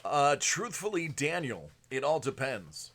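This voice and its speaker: A man hosting a live card-break stream, chatting casually with viewers and moving between a projected announcer voice and a softer everyday voice. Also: medium pitch, sing-song, measured pace. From United States. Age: adult with a young son. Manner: chatty, answers viewers by name.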